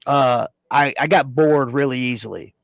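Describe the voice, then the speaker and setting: A man's voice: medium pitch, vocal fry, no room sound. A man hosting a casual podcast chat, rambling and restarting often as he talks. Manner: rambling, halting, lots of uh and restarts. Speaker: podcast host.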